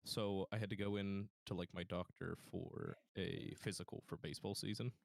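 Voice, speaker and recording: A young man telling a story in a casual podcast chat, halting with many fillers and restarts. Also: sits low, steady tone, vocal fry, no room sound, clean studio sound. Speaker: podcast guest.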